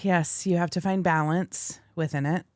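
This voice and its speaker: A woman's voice: fairly low pitch, fairly even intonation, normal speed, dry recording, studio quality. A young woman guest-hosting a podcast, asking questions and telling chatty stories. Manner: chatty storyteller, asks questions. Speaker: guest host, interviewer. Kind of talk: casual podcast interview.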